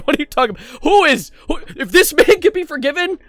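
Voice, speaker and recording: A man's voice: very high voice, sing-song, fast, a bit bright, dry recording, soft background music. A man commenting on internet drama in a sarcastic, incredulous way, often breaking into laughter. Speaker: YouTube commentator.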